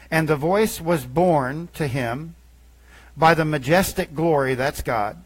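Emphatic slow-preaching male pastor. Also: on the high side, rough recording. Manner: emphatic preaching with quoted scripture, swinging between loud and hushed. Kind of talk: sermon.

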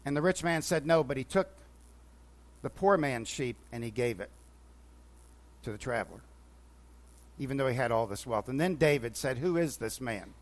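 A man's voice: medium pitch, moderate pace, long pauses. A man teaching from the Bible, retelling scripture stories with quoted dialogue and frequent restarts. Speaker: preacher.

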